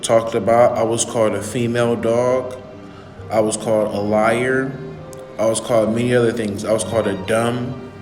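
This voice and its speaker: An earnest man delivers an indignant commentary monologue and hammers home his points by repeating them. His voice sits at an ordinary pitch but rings with a long echo, as if he is in a bare room, and soft music plays beneath him. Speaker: channel host. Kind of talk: commentary monologue on a played clip.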